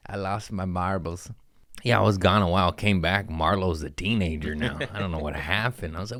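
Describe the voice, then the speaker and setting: Comedian, male, deep, dry close sound; slangy, self-mocking, rambling storyteller. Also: fairly quick, fairly bright tone, no room sound. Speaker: comedian host. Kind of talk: casual storytelling. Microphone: podcast mic.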